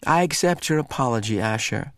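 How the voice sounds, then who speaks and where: A man's voice: mid-range voice, animated, fairly quick, fairly bright tone, no room sound, clean studio sound, close to an everyday voice. A man voicing a careful, earnest, weary boy in a storybook reading. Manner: careful, kind.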